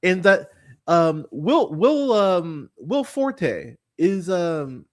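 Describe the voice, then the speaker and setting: A man's voice: high-pitched, very animated, extremely slow. A man hosting a movie podcast, ranting about a film in a casual, profane, exasperated way, often stumbling and repeating words. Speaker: podcast host. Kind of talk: casual movie review rant.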